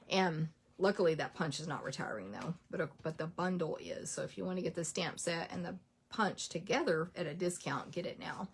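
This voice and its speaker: Gravelly chatty woman. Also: lowish voice. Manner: chatty, rattles through a list, lots of "like" and "um". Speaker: craft product demonstrator. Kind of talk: casual product rundown.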